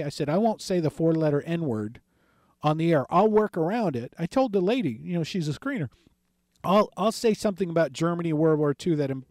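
A man's voice: fairly high pitch, a little mellow, no echo, studio quality. A male radio call-in host telling a long story in a rambling way, acting out past conversations and often correcting himself. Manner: retells conversations, frequent self-corrections.

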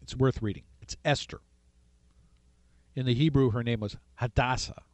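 A man hosting a call-in radio talk show, retelling a story with animated delivery and acted-out voices. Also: medium pitch, moderate pace, no echo.

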